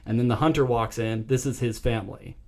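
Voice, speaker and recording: A young adult man co-hosting a podcast, retelling a movie plot in a casual, animated way and acting out the quotes. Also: mid-range voice, brisk, gravelly. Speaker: podcast co-host. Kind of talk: casual movie recap chat.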